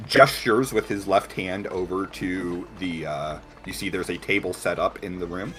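A man narrating a tabletop game as game master, halting and full of fillers. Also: sits low, fairly bright tone.

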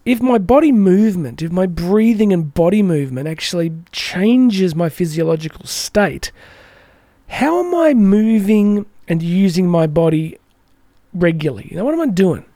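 An energetic man hosting a motivational podcast, with a fairly high but warm, mellow voice. He talks chattily and acts out the voices of the people he quotes. The recording is close and dry, with no room echo. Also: moderate pace. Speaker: podcast host.

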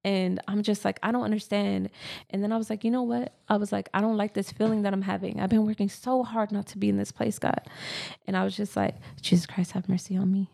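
This woman speaks fast in a warm, creaky, medium-pitched voice with little pitch movement. She co-hosts a casual spiritual podcast, earnestly recounting personal stories and repeating phrases to stress them.

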